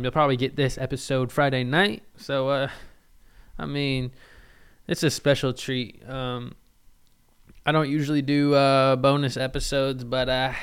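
A man's voice: mid-range voice, clear, resonant tone. A man hosting a casual solo podcast, rambling with lots of ums and slang. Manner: rambling, filler-heavy, slangy. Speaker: podcast host.

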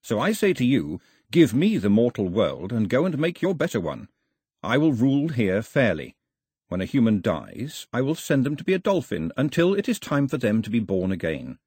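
An audiobook narrator, a man, voicing a calm, solemn male god making slow pronouncements. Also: medium pitch, husky, dry recording, clean studio sound.

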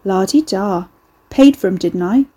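A brash troublemaker who leers and mocks in a rough Cockney accent, as a woman reading a storybook puts him on. The tone stays mellow and a little husky. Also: medium pitch, a little slow. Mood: taunting. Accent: put-on Cockney. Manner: taunting, brash, leering. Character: leering, mocking British man, troublemaker.

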